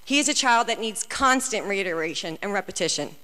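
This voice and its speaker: A mother delivers a prepared, earnest, and emotional comment at a public school board meeting, her words echoing with long reverb through a large hall. She speaks animatedly and fairly quickly, in a mid-range voice that's sharp yet clean.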